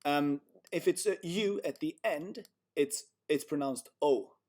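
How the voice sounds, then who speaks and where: Patient male language tutor, dark tone. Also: on the high side, slow. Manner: patient, explaining with many fillers and restarts. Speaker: Chinese tutor. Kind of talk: one-on-one language lesson.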